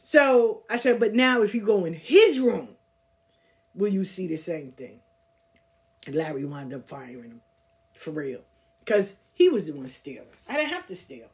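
A woman's voice: mid-range voice, very animated, unhurried, a little mellow. Blunt, profane woman telling stories. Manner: laughs while telling stories. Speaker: podcast host. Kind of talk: casual storytelling.

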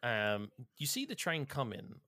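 A man's voice: mid-range voice, wildly swooping pitch, a little slow, bright, forceful tone, dry recording, studio quality. A man chatting casually about a video game, retelling scenes in a rambling way.

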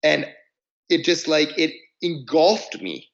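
A man with a gravelly, rough-edged voice tells long, rambling stories about touring life. He restarts his sentences often, on a somewhat muffled, lo-fi recording. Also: fairly high pitch, lively intonation, slow pace. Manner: rambling, self-interrupting storyteller. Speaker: musician guest. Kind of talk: casual storytelling interview.

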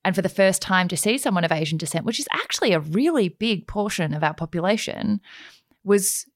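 A woman's voice: mid-range voice, animated, a little fast, no room sound, studio quality. A woman hosting a casual interview, speaking in a thoughtful, supportive way. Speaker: interviewer, host.

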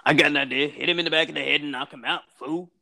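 A man's voice: a little high, steady tone, very fast, creaky, bright, forceful tone. A man playing a tabletop game in character, tough-talking and calling the others fool. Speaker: player. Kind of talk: in-character tabletop role-play.

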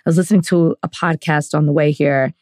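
A woman's voice: low-pitched, steady tone, fairly quick, a little mellow, no echo. A woman co-hosting a podcast, talking in an earnest, impassioned way and close to tears at times. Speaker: podcast co-host. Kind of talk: casual podcast discussion.

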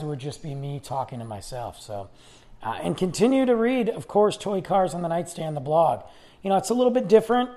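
A man's voice: fairly high pitch, dark tone. A man hosting his own podcast, talking in a rambling, chatty way and restarting his sentences while losing his voice. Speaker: podcast host. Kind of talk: casual solo podcast monologue.

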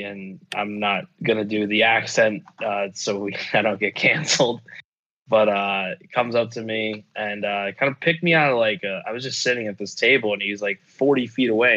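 A man's voice: lowish voice, sharp tone, lo-fi sound. A man telling a rambling, profane story in casual chat, full of fillers and restarts. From United States.

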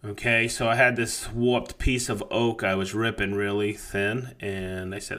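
A man telling a near-miss woodworking story on a podcast in a lively, profane, laughing manner. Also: lowish voice, measured pace, few pauses.

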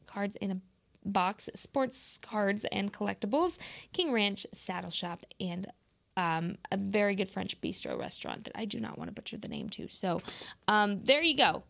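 Woman, podcast host, gravelly fry, casual and chatty, loose sponsor reads. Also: medium pitch, fairly bright tone. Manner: loose, chatty, stumbles and restarts while reading.

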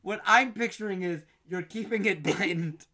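A young man co-hosting a podcast, telling a story in animated, argumentative banter and laughing often. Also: high voice, normal speed. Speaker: podcast co-host. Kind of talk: casual comedic banter.

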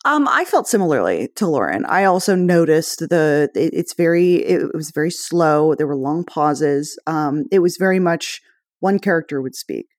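A podcast cohost with a mid-range voice, recorded dry and close. The delivery is measured and thoughtful, the thoughts laid out slowly with plenty of "um"s along the way. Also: medium pitch, lively intonation, no echo. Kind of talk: casual podcast chat.

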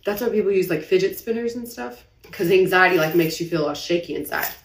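A woman's voice: fairly low pitch, fairly quick. A young woman talking on a late-night live video, rambling and confessional and holding back tears, saying she feels anxious. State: anxious, heart racing. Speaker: business owner livestreaming. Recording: roomy echo, somewhat far from the mic.

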